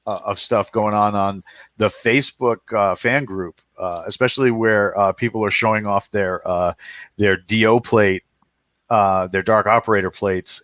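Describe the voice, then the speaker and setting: A man's voice: on the low side, a bit bright, no echo. A man chatting casually on a podcast, rambling with many fillers and restarts. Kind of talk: casual chat.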